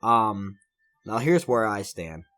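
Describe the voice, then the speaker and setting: A man's voice: fairly low pitch, very animated, takes it slowly, a bit bright, faint music behind. A man co-hosting a casual podcast, blunt and crude with a slight Southern twang. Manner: crude and blunt, swears freely. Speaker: podcast co-host.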